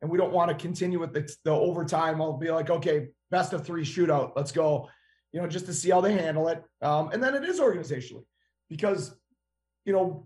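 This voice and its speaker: This is a middle-aged man from Minnesota, a hockey head coach on a podcast, telling stories in an animated way and acting out the dialogue. His voice sits a little high for a man. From Minnesota, USA. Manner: animated storyteller who acts out dialogue. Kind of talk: podcast interview.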